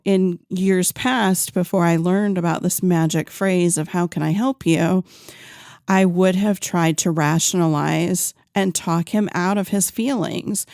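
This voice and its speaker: A woman host talks slowly and earnestly on her own podcast, her voice low-pitched with a gravelly edge. The sound is dry and close, with a mellow, dark tone. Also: no room sound. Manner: earnest, unhurried, with fillers and restarts. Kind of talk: solo podcast talk.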